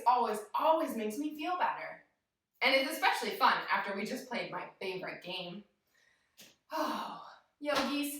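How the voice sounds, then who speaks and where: Animated woman teaching kids yoga. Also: fairly high pitch, distant mic. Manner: cheerful, sing-song, talks straight to small children. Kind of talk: guiding a children's yoga class. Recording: echoey room, voice from off the mic.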